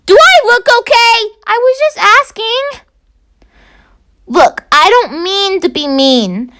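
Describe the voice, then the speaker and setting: A woman voicing a gruff, sulky male dog in a fan-read story, curt and defensive. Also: very high-pitched, expressive, slow pace, pushed and bright, pitched above the performer's own voice, heavily acted.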